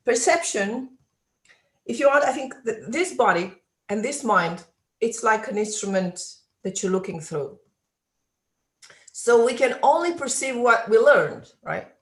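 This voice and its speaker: A woman's voice: a little high, expressive, unhurried. A woman guest in a live online talk, thoughtful and searching for her words over a video call. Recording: roomy echoing room.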